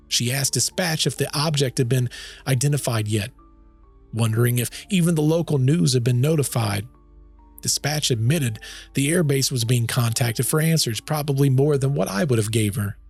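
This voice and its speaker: A man's voice: mid-range voice, creaky, a little mellow, breathy edge. A man narrating a documentary in a conversational tone and asking rhetorical questions.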